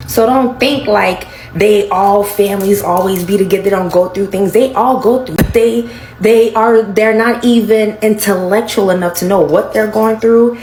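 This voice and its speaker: A woman's voice: medium pitch, moderate pace, a little mellow, slight background noise. Woman ranting bluntly in an echoey room. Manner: emphatic, blunt, talks in bursts with restarts. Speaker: social media commentator. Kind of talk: casual opinion monologue.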